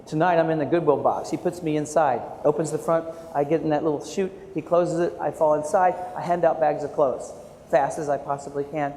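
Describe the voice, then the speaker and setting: An American keynote speaker and art educator in his 40s addresses teachers in an echoey hall with faint room noise. His voice is fairly high and brisk, and he tells stories animatedly with self-mocking humor.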